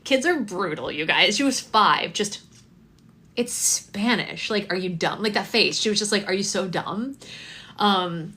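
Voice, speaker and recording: A woman's voice: lowish voice, bright, forceful tone. A woman in her thirties hosting a slime live stream, chatting casually and telling stories with lots of ums. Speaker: slime shop host.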